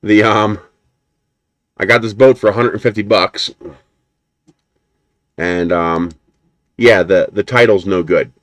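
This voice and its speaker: A man hosts a 3D printing livestream, unboxing a printer while answering viewers and rambling casually. His voice is lowish and steady, he takes it slowly with long pauses, and the recording is dry.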